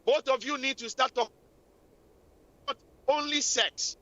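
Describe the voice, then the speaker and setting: A woman's voice: sits high, steady tone, measured pace, bright, forceful tone. A woman hosting a radio talk show, scolding and preaching relationship advice in a repetitive, impassioned way. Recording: lo-fi radio recording.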